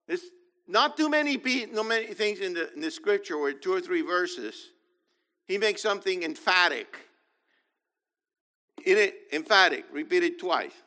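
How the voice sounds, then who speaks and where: A man's voice: high voice, bright, forceful tone, big-room sound. A man teaching a sermon, emphatic, often repeating points and asking the listeners "okay?".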